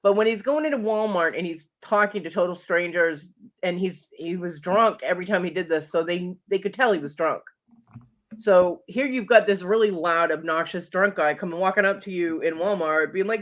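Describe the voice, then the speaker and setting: A woman guest in a casual chat, telling lively stories and acting out what people said. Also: on the low side, normal speed. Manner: animated storyteller who acts out quotes. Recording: dull lo-fi call audio.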